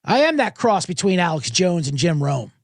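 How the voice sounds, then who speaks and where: A man's voice: high-pitched, very animated, moderate pace, gravelly, no room sound. A man hosting a podcast, rambling through a casual, irreverent and profane monologue into a close studio microphone. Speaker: podcast host. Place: home studio with monitors.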